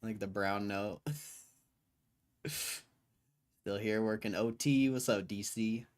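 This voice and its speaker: A man's voice: fairly low pitch, fairly even intonation, slow pace. A man hosting a livestream, chatting casually in a laid-back way with loose slang and frequent chuckles. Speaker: livestream host.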